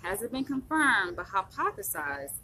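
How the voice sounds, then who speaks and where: A woman in her thirties from the United States, talking to camera in a rambling, animated vlog monologue with frequent laughs. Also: mid-range voice, a little slow, a little hiss or hum, rough recording. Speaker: vlogger.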